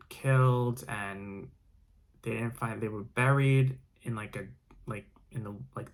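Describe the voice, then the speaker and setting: A young man casually telling a story to camera, rambling with lots of "like" and restarts. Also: medium pitch. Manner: rambling, heavy use of like and filler restarts. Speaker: vlogger.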